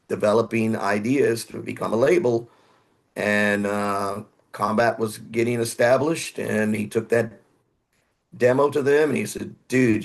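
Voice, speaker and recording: A man's voice: lowish voice, gravelly. A man, telling rambling stories as a podcast guest and sometimes acting out other people's voices. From Houston, Texas. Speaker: guest musician. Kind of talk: casual interview storytelling.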